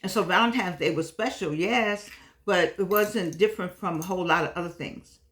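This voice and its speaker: A woman's voice: fairly low pitch, normal speed. An older woman hosting her own video talk, chatting casually and repeating herself, calling viewers pet names like darlings and sugar pies, a little frustrated today. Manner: warm-hearted, repetitive, pet names for viewers. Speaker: vlog host.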